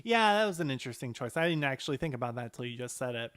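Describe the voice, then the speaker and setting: A man co-hosting a movie podcast in animated, profane casual chat, laughing often. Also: medium pitch, very fast, no room sound, studio quality. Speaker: podcast co-host.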